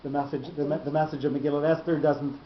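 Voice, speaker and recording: A man teaching a Torah class, explaining slowly and often repeating words as he thinks. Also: a little high, flat delivery, slight background noise. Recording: dull echoey room recording.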